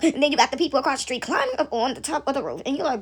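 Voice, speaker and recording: A woman's voice: sits high, huge pitch swings, racing, hardly any pauses. A woman vlogger in a casual faith chat, rambling and preachy, talking straight to her viewers.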